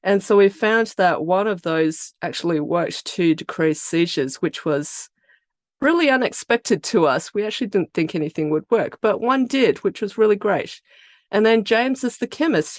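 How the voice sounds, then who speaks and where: An Australian woman with a slightly low voice talks through her science and career in an easy, explanatory way. She sounds close and dry on a podcast mic, with no room around her. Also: no room sound. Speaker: biotech company founder and CEO. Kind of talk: podcast interview answers.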